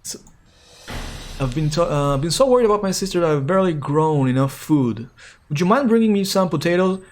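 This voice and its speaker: A man's voice: fairly high pitch, expressive, fairly quick, slight background noise. A man streaming a game, talking casually and playfully as he reacts to what happens. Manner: chatty and playful, reacting aloud as he plays. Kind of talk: casual gameplay commentary.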